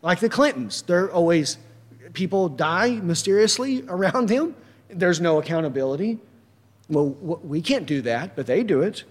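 High-voiced man preaching a sermon. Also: animated, moderate pace, big-room sound. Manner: emphatic, rhetorical questions.

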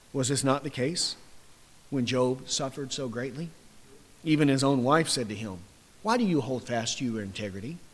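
A man preaching a sermon, swinging between loud, rising questions and quiet, low passages. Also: long reverb tail. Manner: impassioned, rising to loud mocking questions then dropping soft.

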